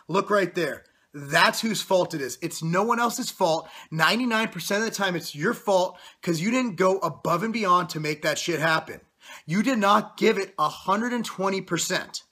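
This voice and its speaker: A man's voice: high voice, sharp tone, breathy edge. A man in his thirties, a bodybuilder giving a blunt, profane motivational rant to camera. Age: 30s. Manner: blunt, profane, intense pep talk. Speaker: fitness vlogger, bodybuilder.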